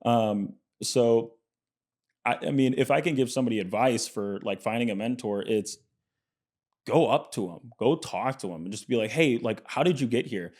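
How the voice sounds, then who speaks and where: Male guest, conversational, animated anecdotes, mid-range voice. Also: medium pitch, normal speed. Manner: animated storyteller, acts out quotes; frequent fillers and restarts. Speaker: podcast guest, entrepreneur. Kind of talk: casual interview chat.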